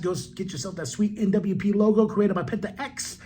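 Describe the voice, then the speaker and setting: A man hosting a solo podcast, recapping a wrestling show in a loose, excitable way with swearing, asides and laughs. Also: high-pitched, brisk, few pauses, slightly rough. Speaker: podcast host.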